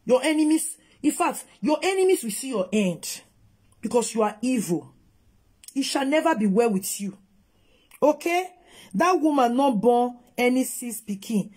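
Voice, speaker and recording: A woman's voice: fairly high pitch, sing-song, a little slow, darkish tone, husky. A woman from Nigeria with a Nigerian Pidgin accent, giving emphatic, scolding reaction commentary on a video. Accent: Nigerian Pidgin English. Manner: scolding, emphatic, switching between English and Pidgin. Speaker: vlogger.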